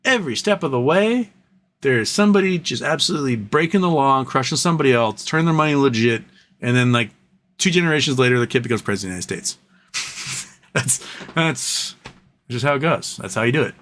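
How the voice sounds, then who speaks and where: A man hosting a casual live stream, rambling with lots of fillers and a tired, throat-clearing voice, in a room at home. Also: medium pitch, animated, a little fast, fairly bright tone. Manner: rambling, trails off, many fillers. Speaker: livestream host. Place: home room with a fan running.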